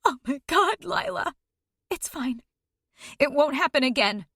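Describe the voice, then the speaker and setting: A woman's voice: high-pitched, very animated, a little slow, a bit bright, no room sound, studio quality, pitched above the performer's own voice, heavily acted. A woman voicing a frantic, tearful middle-aged mother who shrieks and pleads in a shaken voice. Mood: anguished.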